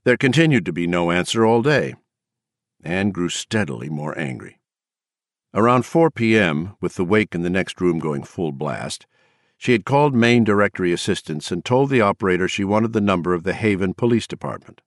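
A man narrating an audiobook in a steady, even reading voice. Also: low-pitched, normal speed, no echo, clean studio sound.

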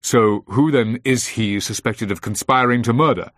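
A man's voice: medium pitch, normal speed, a bit bright, dry recording, clean studio sound, pitched above the performer's own voice, lightly acted. A man voicing an alarmed, demanding office colleague in an audiobook. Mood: incredulous. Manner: incredulous, pushing questions.

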